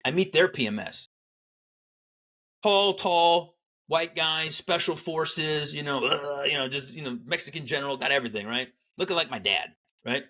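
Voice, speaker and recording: A fairly high-pitched man talks at normal speed as he tells his military story. He's a middle-aged Army veteran appearing as a guest, chatting casually and animatedly acting out whoever he quotes.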